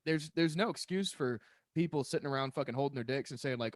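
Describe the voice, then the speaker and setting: A man's voice: mid-range voice, brisk, dry recording, studio quality. A man, hosting a podcast and ranting bluntly with lots of swearing. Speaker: podcast host. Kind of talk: casual podcast chat.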